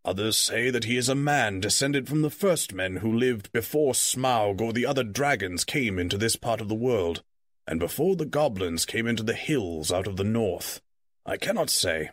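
A man reading the part of Gandalf, a stern and testy old male wizard, in measured, lecturing tones. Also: lowish voice, lively intonation, no room sound. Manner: measured, lecturing, quick to scold. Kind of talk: audiobook character reading.

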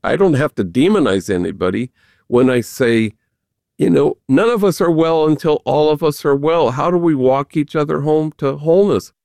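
A man who is a Jesuit priest, talking earnestly with gentle humor as an interview guest and telling stories. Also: fairly high pitch, normal speed, gravelly, no room sound, clean studio sound. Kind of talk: conversational storytelling interview.

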